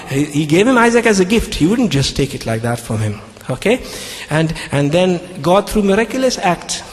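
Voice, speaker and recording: A man speaking as a Christian debater, retelling a scripture story emphatically. He repeats key phrases and checks in with the audience with "okay?". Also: a little high. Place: large public debate hall. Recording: long hall reverb.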